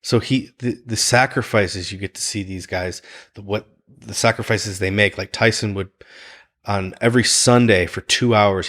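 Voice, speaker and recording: Low-voiced man telling lively stories. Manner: animated, laughs often, acts out quotes. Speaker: guest, fighters' chef. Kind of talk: casual podcast storytelling.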